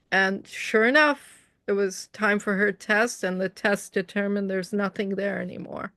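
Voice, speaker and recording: Earnest woman from Canada, gravelly edge. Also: medium pitch, steady tone, unhurried, pushed and bright, no room sound, studio quality. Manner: earnest storytelling about spiritual experiences. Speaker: interviewer. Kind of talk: casual online conversation. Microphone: video call.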